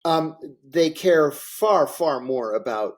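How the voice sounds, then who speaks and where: A man's voice: fairly high pitch, lively intonation, slow. A man being interviewed, telling stories in a candid, emphatic way and repeating phrases for effect. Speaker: interview guest, former intelligence officer. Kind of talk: candid conversational storytelling.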